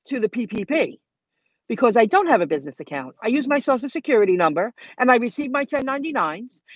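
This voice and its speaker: A woman's voice: a little high, no echo, highs cut off. A woman telling a story in a chatty, rambling way on a live stream, talking straight to her viewers from her car. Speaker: vlogger hosting a live stream. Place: in her car while driving.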